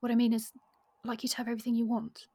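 A bashful, plain-spoken young gentleman speaks in clipped, slangy phrases, as a woman reads him aloud. The voice is soft and husky, kept low and hushed. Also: monotone, very fast. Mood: earnest.

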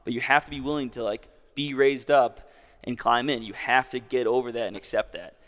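A man's voice: mid-range voice, fairly even intonation, brisk, a bit bright, big-room sound. A young man casually telling a long story as a guest, in a laid-back way full of "like".

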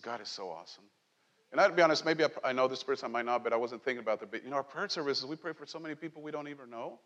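Preaching in a church sanctuary with big-room sound, a male pastor with a medium-pitched voice talks conversationally to his congregation. His animated sermon is full of jokes and asides.

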